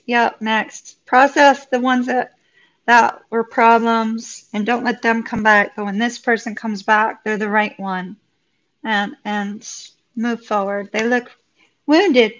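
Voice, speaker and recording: A woman's voice: a little high, fairly bright tone. A woman giving a live tarot reading to viewers, effusive and upbeat, chatting and laughing often. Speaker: tarot reader. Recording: dull lo-fi recording.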